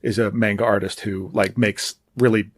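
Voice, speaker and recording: A man co-hosting a podcast, talking in a relaxed, hesitant way with many fillers that trail off quietly. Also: on the low side, normal speed, dry recording, studio quality. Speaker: podcast co-host. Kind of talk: casual chat.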